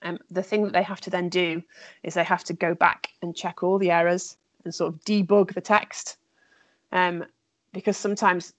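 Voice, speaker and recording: Woman, french teacher, chatty and enthusiastic, lowish voice, dry close sound. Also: flat delivery, moderate pace, no echo. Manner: chatty, enthusiastic, many fillers and restarts. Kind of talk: casual conversation.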